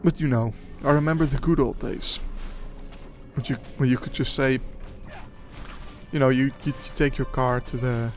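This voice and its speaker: A young man rambling and muttering to himself while playing a game, trailing off into quiet asides and swearing when things go wrong, with music behind him. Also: mid-range voice, steady tone, normal speed, pauses often. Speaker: gaming channel host. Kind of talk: casual let's-play commentary. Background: background music.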